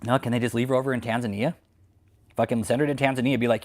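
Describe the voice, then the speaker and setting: A man's voice: mid-range voice, fairly even intonation, fast talker. An American man hosting a channel, delivering an angry, profane, confrontational rant that keeps repeating its points. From United States. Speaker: host of a channel exposing cult leaders. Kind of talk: angry ranting commentary. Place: home, with dogs barking nearby.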